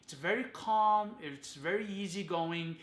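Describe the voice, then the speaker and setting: A man's voice: high-pitched, a little slow, fairly bright tone, roomy sound. A man giving a chatty to-camera perfume review, often adding "okay" and "you guys".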